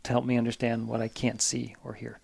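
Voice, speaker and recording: A man's voice: mid-range voice, monotone, brisk, vocal fry, darkish tone, husky. A man from New Jersey, a guest mentor on bird language, chatting casually and telling stories with eager restarts. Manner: rambling, enthusiastic storytelling with many restarts. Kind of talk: casual conversation.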